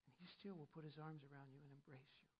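A woman's voice: low-pitched, steady tone, fast talker, dull audio, a little hiss or hum. A woman preaching a sermon in a conversational way, often repeating her phrases and adding humorous asides.

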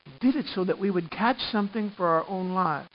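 A man preaching a sermon as pastor, animated, swinging from hushed tones to loud emphasis and often repeating words. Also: high-pitched, brisk, highs cut off.

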